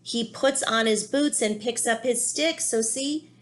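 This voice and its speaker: A woman teacher reading a children's picture book aloud, pausing often to gently explain feelings to young listeners. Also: fairly high pitch. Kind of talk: children's read-aloud with commentary.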